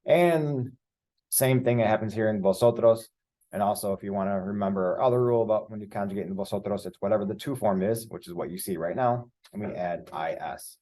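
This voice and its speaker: Low, mellow male Spanish teacher. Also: a little fast. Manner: patient, explains step by step with fillers. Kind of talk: screen-share grammar lesson.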